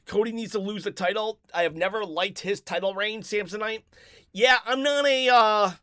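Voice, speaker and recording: A man with a high voice hosts a casual live stream from home, rambling through viewer comments with many restarts. He sounds a little out of breath, and the sound is dry and close. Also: normal speed, sharp tone, dry recording. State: a bit out of breath. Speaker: live-stream host reading chat.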